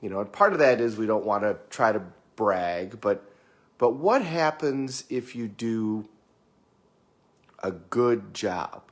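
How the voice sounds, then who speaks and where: A man's voice: fairly low pitch, lively intonation, takes it slowly, a little hiss or hum. A middle-aged man giving a conversational motivational talk, often repeating words as he goes. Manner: conversational, repeats words, acts out quoted clients. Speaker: motivational speaker.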